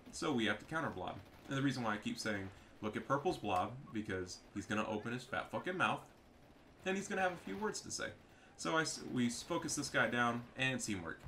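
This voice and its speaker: A man's voice: mid-range voice, sharp tone, slight background noise. A man giving profane, trash-talking commentary over a strategy game match. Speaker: gameplay commentator.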